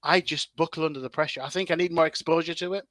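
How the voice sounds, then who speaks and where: Bright-voiced chatty man. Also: on the high side, steady tone, fast, no room sound. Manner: chatty, lots of fillers and restarts. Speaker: guest content creator. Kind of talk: casual interview chat.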